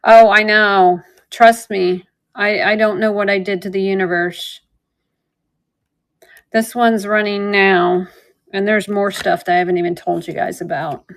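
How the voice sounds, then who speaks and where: A woman's voice: medium pitch, steady tone, unhurried, creaky. A woman casually chatting while selling jewelry live, telling a rambling story with lots of fillers. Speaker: online jewelry seller. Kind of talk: casual live-sale chat.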